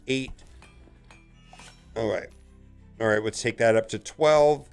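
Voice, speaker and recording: A man talks through his gameplay in a loose, casual commentary voice at a middle pitch. He chats along steadily and breaks into loud, excited whoops when something good turns up. Faint background music plays under him. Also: takes it slowly, pauses often, clean tone. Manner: chatty, gets loudly excited over good rolls. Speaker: gaming channel host.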